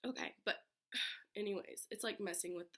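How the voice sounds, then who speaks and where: A young woman from Michigan, raspy from being sick, chatting casually on her bedroom floor into a laptop. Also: medium pitch, normal speed, fairly bright tone. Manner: chatty, many filler "like"s. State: getting over being sick. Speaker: vlogger. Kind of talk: casual chat.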